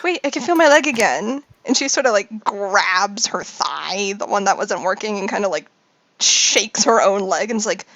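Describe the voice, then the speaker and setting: A woman voicing a startled, foul-mouthed young woman from a gang in a tabletop game, shrill and swearing. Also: expressive, moderate pace, fairly bright tone, no room sound, low-quality recording.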